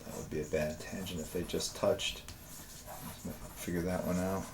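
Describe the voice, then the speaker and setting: A man's voice: low voice, little pitch movement, moderate pace, noisy background. A man chatting casually on a live art stream, musing aloud in short asides and answering chat as he draws. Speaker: artist streaming while drawing.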